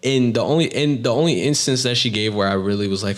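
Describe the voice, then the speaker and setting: A man's voice: on the low side, fairly quick. A man co-hosting a podcast, chatting casually with laid-back slang and frequent laughter. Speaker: podcast co-host. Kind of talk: casual chat.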